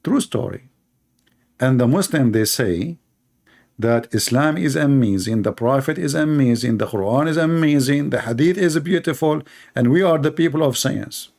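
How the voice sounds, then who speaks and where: A man's voice: mid-range voice, animated, moderate pace, creaky, a little mellow. Man, religious debater, sarcastic and mocking, non-native English grammar. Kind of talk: polemical monologue.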